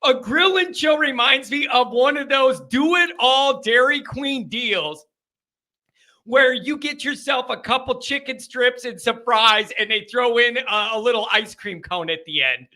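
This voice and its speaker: Male call-in show host, high and sharp-toned, rambling chat that breaks into yelling; faint music underneath. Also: unhurried. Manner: loud, rambling, excitable with yelling bursts.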